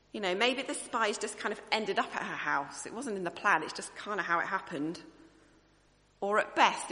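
Bright-voiced woman preacher, reverberant. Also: mid-range voice. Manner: conversational, earnest, thinking aloud. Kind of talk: sermon.

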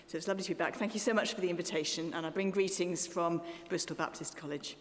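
A woman, a guest preacher delivering a sermon with expressive, rising questions that fall away to soft endings. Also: lowish voice, fast, a little hiss or hum. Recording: church with long reverberation.

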